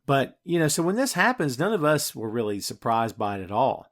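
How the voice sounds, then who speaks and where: A man's voice: medium pitch, big pitch swings, a little fast. A man hosting a podcast and recapping a film scene by scene in casual, enthusiastic chat full of fillers. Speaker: podcast host.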